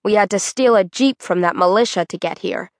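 Young woman archer, cool and firm, even delivery, dry close sound, read by a woman narrator. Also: medium pitch, a little fast, dry recording, close to an everyday voice.

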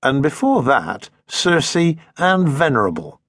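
A man voicing a brisk naval lieutenant calling out clipped orders in an audiobook. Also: a little high, big pitch swings, fairly bright tone, husky, no echo, studio quality, heavily acted.

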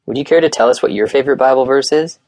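A man voicing a kind, encouraging woman camp leader with an Oklahoma accent, speaking in a gentle, coaxing way. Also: medium pitch, racing, voice pushed up, close to an everyday voice.

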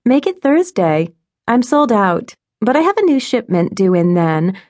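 A woman's voice: mid-range voice, very animated, unhurried, darkish tone, dry recording, pitched above the performer's own voice. A woman voicing a chatty, upbeat yarn shop owner.

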